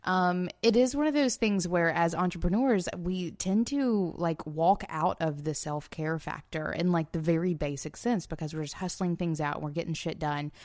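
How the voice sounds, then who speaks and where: A woman's voice: fairly low pitch, normal speed, hardly any pauses, darkish tone, no echo, studio quality. A woman co-hosting a podcast in casual chat, wry and joking, with some casual swearing. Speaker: podcast co-host.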